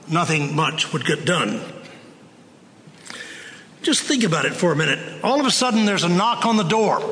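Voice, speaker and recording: A man preaching a sermon, telling the story in a slow, conversational way. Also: a little high, fairly bright tone, long reverb tail.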